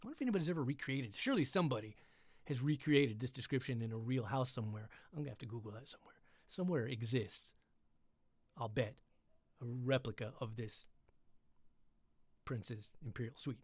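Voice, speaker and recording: A man chatting on his own livestream between readings, rambling with quick, self-deprecating asides from his computer setup. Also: medium pitch, a little mellow, no echo, studio quality. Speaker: livestream host reading stories. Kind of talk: casual chat on a livestream.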